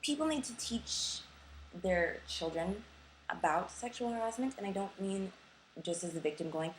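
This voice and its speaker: A woman's voice: medium pitch, animated, moderate pace, slight background noise, poor audio. A young woman with a sore throat, ranting bluntly to camera in a casual vlog and swearing freely. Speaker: vlogger.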